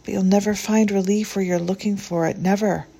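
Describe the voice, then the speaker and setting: A woman reading a short story aloud in a gentle, measured way. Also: medium pitch, steady tone, creaky, slightly rough. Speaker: audiobook narrator.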